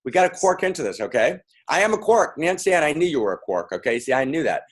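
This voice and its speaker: Playful man with a husky voice. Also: on the high side, very animated, quick pace. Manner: playful, repetitive, calling out to the crowd. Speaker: speaker. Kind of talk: lively interactive talk with audience.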